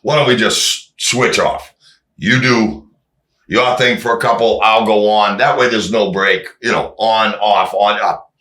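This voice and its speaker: A man, a drummer guest, telling stories in casual chat, animated, acting out what people said and swearing freely. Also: lowish voice, measured pace, echoey room. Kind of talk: casual storytelling.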